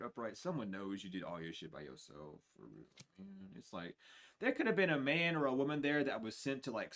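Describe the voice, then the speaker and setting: Male streamer doing a spiritual reading at a middling pitch, casual and profane, low mutters with sudden loud laughing bursts. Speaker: spiritual reader.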